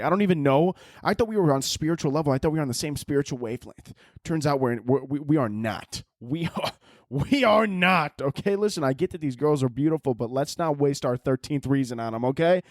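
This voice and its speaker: A young man talks fast and loose on his podcast. He rambles, swears and jokes his way through a casual monologue. His voice sits a bit high and sounds dry and close to the mic. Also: lively intonation, no echo. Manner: rambling, profane, jokey. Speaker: podcast host.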